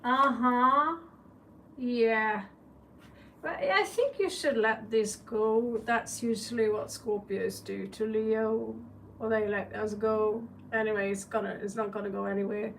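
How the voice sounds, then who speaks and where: A woman with a Norwegian accent gives a casual live tarot reading, chatty and joking, with blunt swearing. She talks at a slow, drawn-out pace in a slightly high voice. She sits some way back from the mic, with a faint hiss of background noise. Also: fairly even intonation, vocal fry, distant mic, rough recording. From Norway. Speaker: tarot reader.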